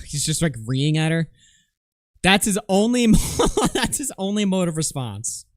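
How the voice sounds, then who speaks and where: A man commenting on a clip during a live stream, mocking the speaker and mimicking him in loud shrieks. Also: fairly high pitch, animated, normal speed, no room sound, studio quality.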